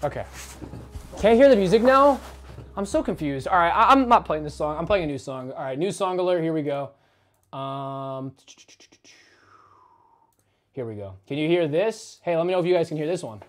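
A man's voice: a little high, lively intonation, normal speed, long pauses. A man streaming casually, rambling and joking as he talks to his chat and swears now and then. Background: faint background music.

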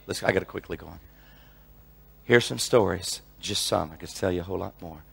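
Gravelly, raspy male preacher. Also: sits low, fairly quick, fairly bright tone. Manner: emphatic, repeats phrases and restarts sentences. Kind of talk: teaching sermon.

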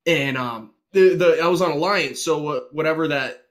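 A man's voice: a little high, moderate pace, a bit bright. A man, a podcast guest, reminiscing about gaming memories in a casual, nostalgic way. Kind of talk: casual chat.

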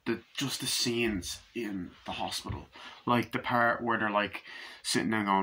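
A man reviewing a film in a casual, excited way, swearing often and acting out quoted lines, with a husky voice. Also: fairly low pitch, a little slow, a little hiss or hum. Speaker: movie reviewer.

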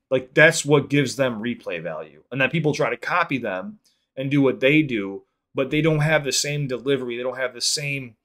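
A man hosting a music reaction video, talking casually in an excitable, rambling way and swearing freely. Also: mid-range voice.

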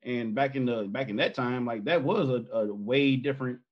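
A man guesting on his sister's podcast who tells rambling, animated stories and laughs as he talks. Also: medium pitch, normal speed, highs cut off. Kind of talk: casual storytelling.

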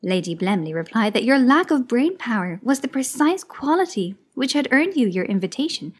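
A woman's voice: fairly high pitch, big pitch swings, normal speed. A woman voicing an aloof talking male house cat who speaks with cold, cutting indifference in a read-aloud story. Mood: cool disdain.

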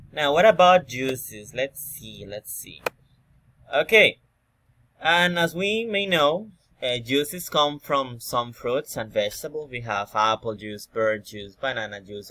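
Slow man, filler-heavy explainer. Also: mid-range voice, pushed and bright, no echo. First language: Spanish. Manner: frequent "okay" and fillers, repeats himself. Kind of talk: informal explanatory video talk.

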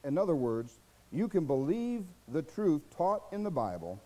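A male American pastor preaching in a folksy, exhorting way, his voice swooping up and down as he fires rhetorical questions at the congregation. His tone is dark and mellow, sitting a little high for a man. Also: poor audio. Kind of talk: sermon.

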